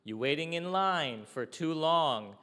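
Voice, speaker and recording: A man's voice: fairly high pitch, animated, takes it slowly, pushed and bright, clean tone. A man preaching a sermon in a conversational way, often checking in with his listeners with "okay?" and "right?". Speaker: pastor. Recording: long hall reverb.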